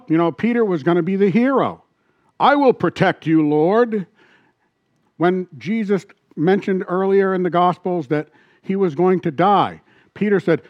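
A man preaching a sermon as pastor, animated and asking the congregation questions. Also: a little high, dry recording, muffled recording.

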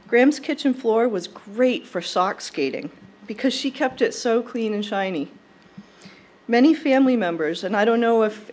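A young woman delivering a prepared eulogy at a funeral service, in a warm, fond and measured way. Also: mid-range voice. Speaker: eulogy speaker.

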